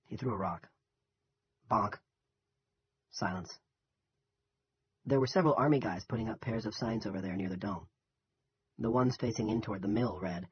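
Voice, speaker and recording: Husky-voiced male audiobook narrator. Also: lowish voice. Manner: even, measured storytelling. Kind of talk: scripted narration. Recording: dull lo-fi recording.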